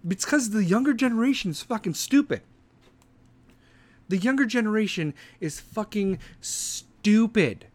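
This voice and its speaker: A man's voice: high-pitched, animated, a little slow. A middle-aged man, a veteran host, ranting angrily with sarcasm and heavy swearing. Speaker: podcast host and military veteran. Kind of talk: profane political rant.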